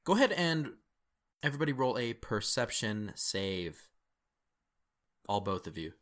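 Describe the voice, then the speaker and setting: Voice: medium pitch, sing-song, measured pace. A game master casually narrating a tabletop role-playing game, laughing often.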